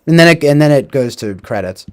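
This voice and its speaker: A man's voice: a little high, lively intonation, a little fast, darkish tone, slight background noise. A man hosting a casual livestream, rambling and profane, tagging his thoughts with "like" and "right?". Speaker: livestream host. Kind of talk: casual livestream movie talk.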